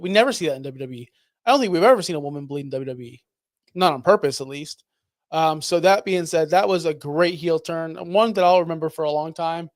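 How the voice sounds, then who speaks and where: A man's voice: on the high side, no room sound, studio quality. A man co-hosting a wrestling podcast in easygoing casual chat. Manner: easygoing, lots of short agreeing replies. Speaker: podcast co-host.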